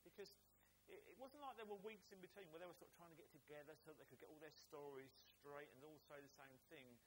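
An English man preaching a sermon in church, who acts out the characters' lines in an animated way. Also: a little high, fast talker, slight background noise, low-quality recording.

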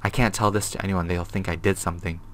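A man's voice: deep voice, steady tone, fast, natural voice. A man voicing a frightened, guilt-ridden male former tenant, reading his diary note aloud in a put-on accent. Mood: fearful. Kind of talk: reading game text aloud.

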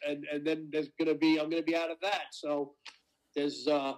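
A man chatting casually as a guest, halting and using fillers. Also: on the high side, flat delivery, rough recording. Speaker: guest, sports broadcast worker. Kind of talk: casual chat.

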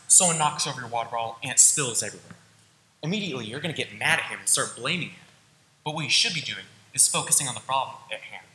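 A man's voice: medium pitch, sharp tone, echoey room, big-room sound, a little hiss or hum, low-quality recording. A teenage boy giving an earnest, casual school presentation and talking straight to his audience. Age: teens. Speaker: student presenter. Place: school auditorium.

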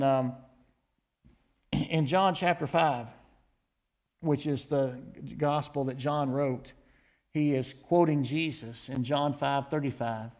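A man delivers a sermon in an earnest preaching manner. His voice sits a little high for a man. He pauses to ask his listeners rhetorical questions and builds emphasis as he reads scripture aloud. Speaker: pastor.

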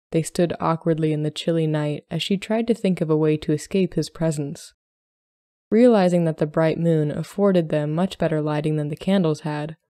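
A woman podcast host reading a short story aloud in measured storytelling narration. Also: low-pitched, mellow, no room sound, clean studio sound.

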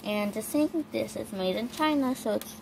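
A woman narrating a toy doll shopping game in a chatty, halting way with plenty of fillers, on a noisy home recording. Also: on the high side, lively intonation, vocal fry. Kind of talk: playful toy role-play narration.

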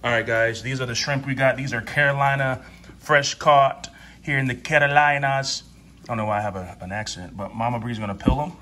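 A man with a mid-range, slightly fast voice, bright and forceful in tone, presents a casual cooking vlog in his home kitchen. He's laid-back and full of jokes, speaking straight to viewers as he demonstrates.

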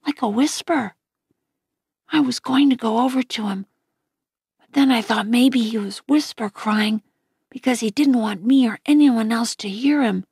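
A woman reading a first-person novel aloud in a quiet, gentle voice that often drops near a whisper. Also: a little high, creaky, husky, no echo, clean studio sound. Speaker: audiobook reader.

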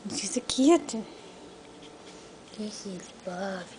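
A woman filming her cat at home on a handheld camera, cooing baby talk and sometimes dropping into soft whispers. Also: medium pitch, unhurried, slight background noise. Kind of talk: casual home video. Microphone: handheld camera she is filming with.

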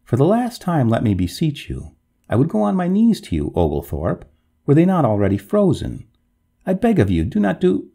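A man's voice: fairly high pitch, huge pitch swings, moderate pace, creaky, dark tone, slightly rough, pitched above the performer's own voice, exaggerated voice. A man voicing a cold, pleading female water ghost of an old manor, melodramatic and imploring in a storybook reading. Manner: pleading, melodramatic, rising to wails.

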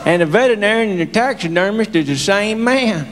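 A man from Tennessee with a thick rural Southern accent, doing stand-up comedy in a slow deadpan country drawl. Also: sits high, very noisy. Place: live comedy stage. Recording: reverberant stage with audience laughter.

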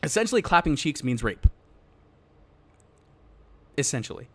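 Worked-up man ranting, lively voice. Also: on the high side, moderate pace. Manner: casual slangy address to the audience. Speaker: gaming YouTuber. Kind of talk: ranting gaming commentary.

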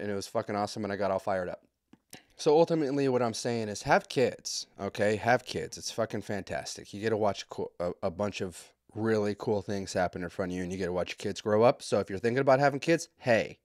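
A man's voice: medium pitch, no room sound, clean studio sound. A man in his thirties hosting a podcast, telling stories in a loose, profane, self-mocking chat. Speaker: podcast host. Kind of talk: casual solo podcast monologue.

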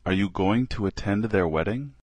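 A man slowly reading short practice phrases aloud for a language lesson, one at a time with pauses. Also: lowish voice, a little mellow, dry recording.

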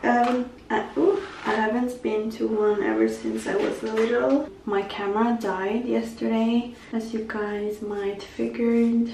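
A woman's voice: mid-range voice, a little mellow, far from the mic, a little hiss or hum. A young woman vlogging casually while getting ready, chatty and self-mocking, slipping into whispers now and then, and a bit sick with a cold. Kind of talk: casual vlog chat. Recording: roomy echo, camera set back.

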